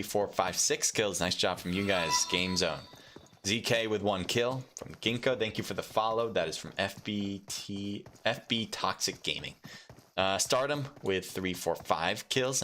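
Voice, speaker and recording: A man casting a live mobile esports match solo, chatty and rambling, with lots of fillers and sudden bursts of excitement. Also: on the low side, slight background noise. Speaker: esports caster and streamer. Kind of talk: solo live game commentary.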